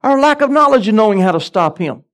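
A man's voice: sits high, big pitch swings, fast talker, fairly bright tone. A middle-aged man, a pastor, preaching a sermon with emphatic delivery and frequent amens.

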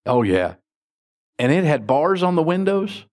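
A man preaching as a pastor, telling folksy stories with lively jumps in his voice. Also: unhurried. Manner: folksy, animated anecdotes with sudden pitch jumps. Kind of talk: sermon with storytelling.

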